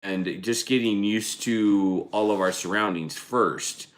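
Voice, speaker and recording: A man co-hosting a casual homestead vlog livestream, talking in an easygoing, halting way with many restarts. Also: lowish voice. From United States. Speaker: vlog co-host.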